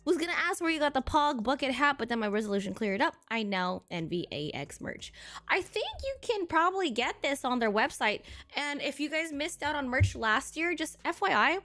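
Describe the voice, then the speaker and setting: A woman streamer chatting casually to her viewers, excitable and swearing freely. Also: sits high. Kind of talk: casual live-stream chat.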